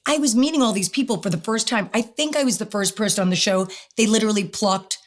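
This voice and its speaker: A middle-aged woman telling a personal story as an interview guest, lively and quick to act out what people said. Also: medium pitch. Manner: animated storyteller, acts out quotes.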